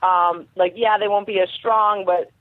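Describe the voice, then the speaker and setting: A young woman, a guest fighter, telling stories casually and haltingly, with many fillers and restarts. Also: mid-range voice, steady tone, no echo. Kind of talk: casual interview storytelling. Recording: tinny dry phone line.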